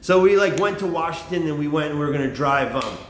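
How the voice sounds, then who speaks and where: A man's voice: a little high, lively intonation, fast, a little hiss or hum. Rambling, profane middle-aged man. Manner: profane, meandering, digressive storyteller. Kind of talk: rambling casual monologue. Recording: echoey room.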